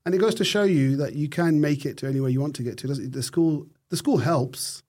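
A middle-aged man from the United Kingdom, a neurosurgeon guest telling his story in an interview with thoughtful pauses and frequent restarts. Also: fairly high pitch, a little mellow.

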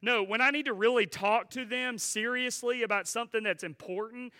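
High-voiced, very bright male pastor preaching. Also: fairly quick, clean tone. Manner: earnest preaching mixed with chatty, humorous asides. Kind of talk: sermon.

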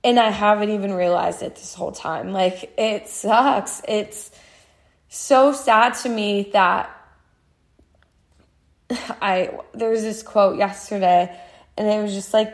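Speaking slowly and pausing often, this podcast host, a woman in her twenties with a mid-range voice, opens up about her emotions. It's a casual personal monologue, sincere and honest, with plenty of "like" fillers.

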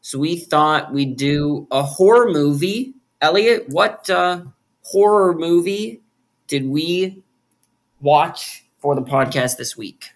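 A man's voice: a little high, animated, slow. A man co-hosting a film podcast in casual chat, playful and joking with frequent laughter. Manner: playful, jokey, laughs often. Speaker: podcast co-host.

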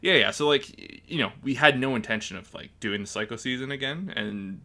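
A man co-hosting a podcast in relaxed casual chat, laughing easily as he talks. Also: medium pitch, brisk. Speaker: podcast co-host.

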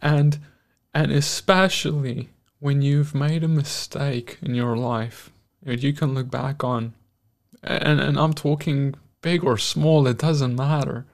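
A male host giving a devotional, sermon-style talk, earnest and emotional, with frequent pauses and restarts. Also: medium pitch, steady tone. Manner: earnest, emotional, pausing often.

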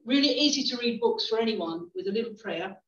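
A middle-aged guest preacher tells her stories expressively in a church hall, chatty and prone to restarts. Her voice is a little high and fairly quick, and the recording sounds roomy, distant and dull.

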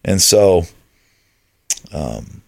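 Guy with a lowish voice telling his story on a podcast, chatty, does his buddies' voices. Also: sing-song, extremely slow, gravelly. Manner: conversational storyteller, acts out friends' voices. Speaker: podcast guest.

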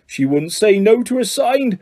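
A man's voice: high-pitched, very animated, measured pace, dark tone, voice pushed up, heavily acted. A man voicing a huge, good-natured gamekeeper with a hearty, boisterous manner.

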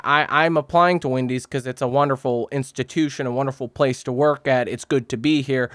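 A man's voice: mid-range voice, fairly bright tone, no room sound, clean studio sound. Crude rambling male podcast host. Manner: crude, rambling, profane storytelling. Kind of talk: comedic podcast monologue.

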